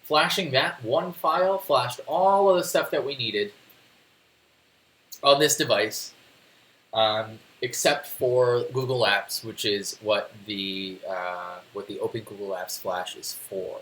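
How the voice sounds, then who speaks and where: A man's voice: medium pitch, slow, a bit bright, slight background noise. Casual male livestream host, rambling tech walkthrough, roomy echo. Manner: chatty, rambling, reads chat aloud, restarts often. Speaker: live stream host. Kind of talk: casual tech tutorial on a live stream. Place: home desk.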